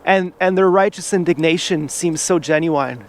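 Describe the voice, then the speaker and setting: High-voiced man rambling outdoors. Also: normal speed, few pauses. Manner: rambling, heavy on "like" and restarts. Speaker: vlogger. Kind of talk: casual rambling monologue. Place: outdoors riding an e-bike.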